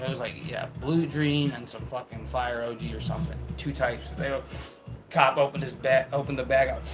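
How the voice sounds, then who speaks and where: This young storyteller's medium-pitched voice comes through poor audio over background music. He spins loose, profanity-laced tales in an easygoing way, frequently breaking into laughter.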